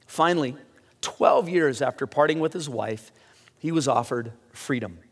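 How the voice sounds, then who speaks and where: A man preaching a sermon, swinging between excited high rises and quiet low drops, his voice getting hoarse. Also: unhurried, big-room sound. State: losing his voice. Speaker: pastor.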